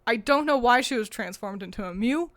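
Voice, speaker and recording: A woman co-hosting a casual chat, rambling in a playful way, swearing now and then and breaking into quick laughs. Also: a little high, lively intonation, a bit bright. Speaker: podcast co-host.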